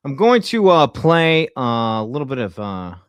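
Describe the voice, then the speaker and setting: A tired man streaming political commentary, talking in deadpan sarcasm as a mock insider. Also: medium pitch, moderate pace, clear, resonant tone, no room sound, highs cut off.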